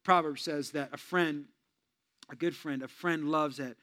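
High bright animated preacher man. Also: a little slow. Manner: storytelling, animated, shifts between shouting punchlines and hushed earnest asides. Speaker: pastor. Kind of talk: sermon.

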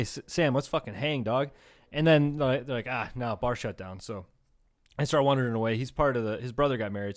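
A young man co-hosting a casual comedy podcast, swearing freely, laughing often and acting out the people in his stories. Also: mid-range voice. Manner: profane, laughing storyteller, acts out quotes. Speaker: podcast co-host.

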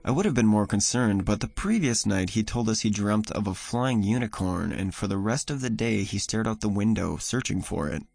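A man narrating a first-person horror story in a measured, somber way. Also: fairly low pitch, gravelly, no room sound. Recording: voice over soft music.

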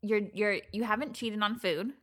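A woman's voice: mid-range voice, moderate pace, fairly bright tone. A woman co-hosting a podcast in casual chat, teasing her friend, giggling and acting out dramatic reactions. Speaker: podcast co-host.

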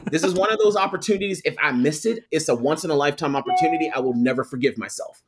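A young adult man, a guest telling a personal story with lively quoted voices. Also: high voice, fast talker, husky. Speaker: guest, photographer and attorney. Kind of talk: storytelling in a podcast interview.

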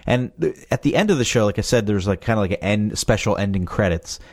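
A man's voice: fairly low pitch, animated, quick pace, creaky. A young adult man, a podcast creator, talking casually and rambling loosely about his show. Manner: rambling, loose and chatty, full of fillers like "you know". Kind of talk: casual chat.

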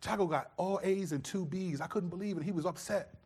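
A middle-aged pastor delivers a sermon in a fairly high, quick voice with a breathy edge. He tells animated stories and acts out his own scolding voice as a dad.

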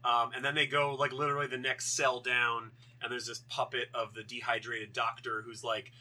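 Bright-voiced joking male podcaster. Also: medium pitch, level tone, moderate pace. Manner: rambling, joking, swears casually. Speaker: podcast co-host. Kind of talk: casual chat recapping a film.

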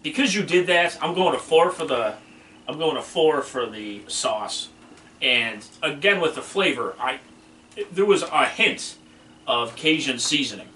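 A man's voice: fairly high pitch, lively intonation, a little slow, pushed and bright. A man co-hosting a wing review podcast, giving blunt, emphatic verdicts in casual chat. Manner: blunt, emphatic, fired-up critic. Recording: echoey room, distant mic, faint noise.

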